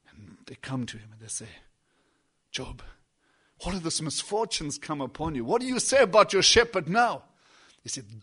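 Man, preacher, husky slightly high voice, emphatic sermon, repeats phrases, swings loud to hushed.

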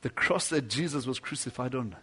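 A man preaching a sermon, telling a story with dramatic swings between loud declamation and hushed low passages, acting out the lines of the people in it. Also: lively intonation, brisk, husky. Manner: acts out quoted dialogue within the story.

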